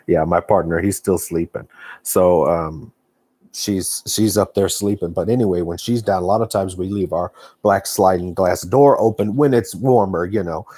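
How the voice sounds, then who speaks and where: A man's voice: deep voice, moderate pace, warm tone, breathy edge, no room sound. A man with a Texan accent chatting casually on a live stream from his home, folksy and rambling with lots of fillers. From Texas. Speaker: knitting vlogger. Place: home living room.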